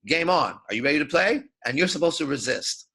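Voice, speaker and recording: A man's voice: fairly high pitch, animated, fairly quick, pushed and bright, breathy edge. A man giving an unscripted lecture as a dating coach, talking in a swaggering, profane, emphatic way.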